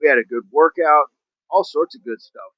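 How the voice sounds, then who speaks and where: A man's voice: on the high side, normal speed, no echo, dull audio. Upbeat man hosting a fitness livestream. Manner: upbeat, rambling, jokey sign-off. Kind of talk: casual livestream chat to viewers.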